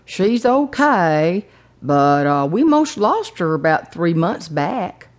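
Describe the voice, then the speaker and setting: A woman voicing a polite older male driver with a Texan accent, who talks slowly and haltingly. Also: high-pitched, big pitch swings, heavily acted.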